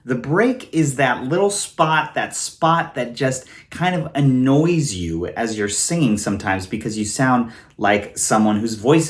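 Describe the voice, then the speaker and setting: A man in his thirties from California, giving a casual singing lesson to camera and demonstrating sounds with his voice. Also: medium pitch. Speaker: voice teacher.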